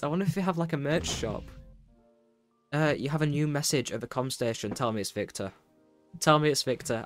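A young man in casual gameplay commentary, excitable and chatty, talking to himself with lots of fillers. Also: medium pitch, smooth. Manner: excitable, chatty, full of fillers and self-talk. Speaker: gameplay streamer. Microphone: desk microphone with keyboard noise.

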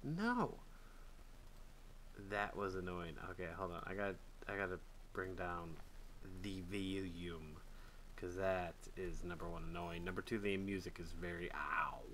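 A man giving casual gameplay commentary, excitable and swearing, jumping between loud yelps and muttered grumbles. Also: low-pitched, unhurried, a little hiss or hum. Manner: swears and trash-talks the game. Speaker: gaming channel host.

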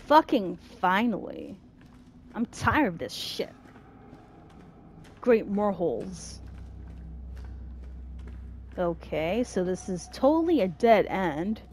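A young woman hosting a horror game let's play, swearing constantly and shouting at enemies in panic. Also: medium pitch, big pitch swings, takes it slowly, pauses often, a little hiss or hum. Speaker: gaming channel host.

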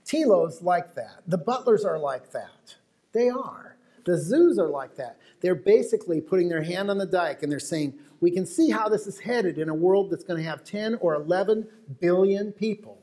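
A man's voice: high voice, expressive, normal speed, mellow. Chatty American man telling stories. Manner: storytelling, chatty asides to the crowd. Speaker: wildlife photographer giving a talk. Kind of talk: lecture to an audience. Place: auditorium with live audience.

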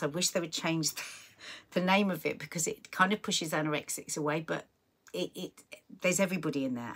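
Husky low-voiced woman, earnest host. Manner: earnest, encouraging, many restarts and quiet asides. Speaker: podcast host reading viewer messages. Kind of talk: heartfelt live-stream chat.

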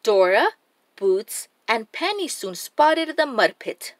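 A woman reading a children's picture book aloud, her voice moving up and down with a lot of expression. She takes an unhurried pace, and the sound is close and dry. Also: on the high side, no echo. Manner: expressive, animated read-aloud. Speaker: storybook reader.

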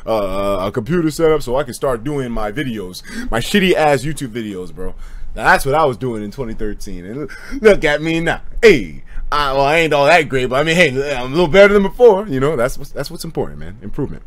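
A man livestreaming and casually telling stories, profane and animated, often breaking into laughter. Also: medium pitch, a little fast.

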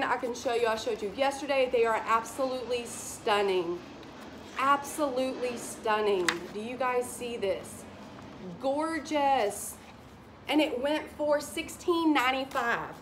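A woman's voice: a little high, fairly bright tone, a little hiss or hum. Giddy, gushing woman. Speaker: haul vlogger. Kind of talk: casual shopping haul chat to camera.

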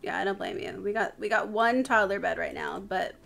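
A woman's voice: medium pitch, lively intonation, brisk, gravelly, fairly bright tone. A tired woman streamer giving live commentary on her game, chatting to her characters as she plays.

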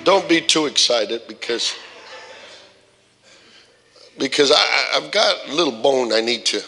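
A man's voice: mid-range voice, lively intonation, a little slow, sharp tone. A man, a pastor joking with the congregation as he introduces a guest preacher. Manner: joking, teasing banter with the congregation. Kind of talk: church service welcome and introduction. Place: church sanctuary. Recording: long church-hall reverb with music.

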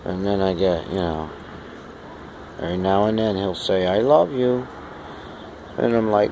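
Gravelly man cooing at his cat. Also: fairly low pitch, moderate pace, pauses often, a little mellow, a little hiss or hum. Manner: coaxing, sing-song baby talk to the cat. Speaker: cat owner filming his pet. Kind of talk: casual home video talking to his cat. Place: outdoor terrace in the rain. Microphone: handheld camera.

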